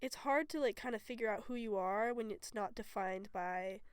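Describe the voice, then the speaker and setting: A woman's voice: medium pitch, moderate pace, smooth, dry recording, clean studio sound. A young woman from Texas, a student guest, talking casually and filling speech with "like". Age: young adult. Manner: chatty, peppered with "like". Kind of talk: casual chat.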